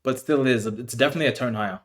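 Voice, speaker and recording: A man's voice: mid-range voice, very fast. A man giving casual, chatty reaction commentary on video clips, saying "bro" and "you know" a lot. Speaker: reaction host.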